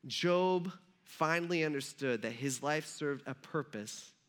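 A man's voice: a little high, a little slow, fairly bright tone. A man preaching a sermon, retelling a scripture story in a conversational way with rhetorical asides to the listeners. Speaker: pastor.

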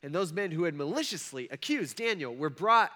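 Preaching conversationally, a pastor keeps breaking off for asides and check-ins with the audience. His high, pushed, bright voice has lively intonation and runs a little fast.

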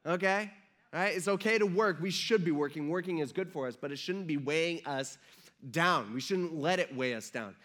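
A man preaching a relaxed sermon, his voice sitting high for a man. He talks in an easy, joking way and keeps turning to his listeners with quick check-ins. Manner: conversational, jokey, checks in with the audience. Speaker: pastor. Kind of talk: casual sermon.

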